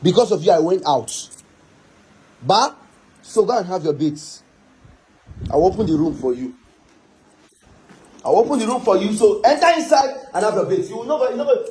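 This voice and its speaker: High-pitched husky Nigerian man ranting. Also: big pitch swings, moderate pace, long pauses, dark tone, rough recording. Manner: repetitive, scolding, exasperated. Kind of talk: heated online rant.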